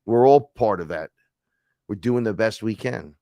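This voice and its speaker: A man's voice: lowish voice, animated, moderate pace, mellow, no room sound, studio quality. A man hosting a live stream, telling a rambling, profane story in casual chat. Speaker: host.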